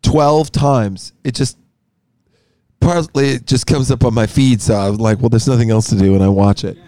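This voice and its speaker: A man's voice: medium pitch, moderate pace, warm tone, dry recording. Rambling man, dry close mic. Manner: rambling, many "like" fillers. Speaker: band member guest. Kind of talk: casual chat.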